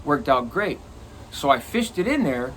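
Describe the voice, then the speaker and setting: A middle-aged man telling a prison story in a casual, profane, animated way. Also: a little high, measured pace, a little hiss or hum. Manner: animated, profane, acts out quoted lines.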